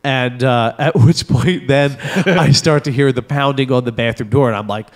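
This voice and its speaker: A man's voice: medium pitch, moderate pace. A man hosting a podcast, telling a profane story in casual chat and acting out the voices in it. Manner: animated, profane, acts out voices in his story. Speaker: podcast host.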